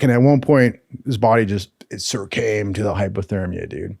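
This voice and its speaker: A man's voice: on the low side, brisk, creaky, few pauses, a little mellow, slightly rough, no echo. Casual male storyteller, profane and rambling, close dry mic. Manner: profane, rambling anecdotes with acted quotes.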